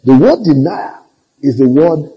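Animated, husky-voiced male pastor preaching. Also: a little high, a little slow, dull audio. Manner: storytelling, animated, calls for amens. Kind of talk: sermon.

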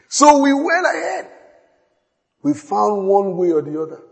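A middle-aged man preaching a sermon as pastor, telling stories with repetition, sudden loud high outbursts and quiet hushed asides. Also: gravelly. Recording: long hall reverb.

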